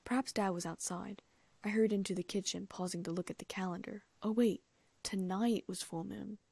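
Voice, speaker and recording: A woman narrating a first-person fan fiction audiobook in a lively, amused way, close to the mic. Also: medium pitch, fairly quick, vocal fry, slightly rough, no room sound.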